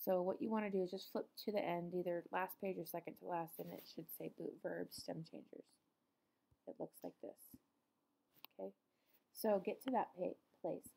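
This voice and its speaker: Patient woman teacher with a dark, gravelly voice. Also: on the low side, fairly even intonation, normal speed. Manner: patient, explanatory, with frequent ums. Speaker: Spanish teacher. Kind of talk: recorded classroom lesson.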